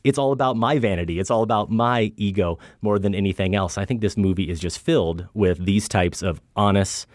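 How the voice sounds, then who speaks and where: A man's voice: fairly low pitch, brisk, few pauses, darkish tone, no room sound, clean studio sound. A middle-aged man co-hosting a film podcast, talking in a reflective, earnest way about a movie and his own family. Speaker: podcast co-host. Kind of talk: casual film discussion.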